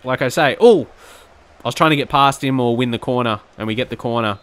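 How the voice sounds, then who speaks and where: A young man giving live, excitable commentary on his own video game match, with quick outbursts of frustration. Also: medium pitch, smooth. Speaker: gaming channel host.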